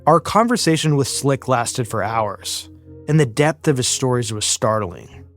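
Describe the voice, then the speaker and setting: A man hosting a podcast, reading scripted narration in a measured, even way. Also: medium pitch. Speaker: podcast host. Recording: faint music underneath.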